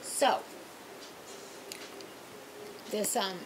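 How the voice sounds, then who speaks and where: Young woman telling a work story, noisy. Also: a little slow. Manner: animated, mimics people in loud quoted voices, many fillers. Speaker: restaurant server telling a story. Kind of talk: casual storytelling.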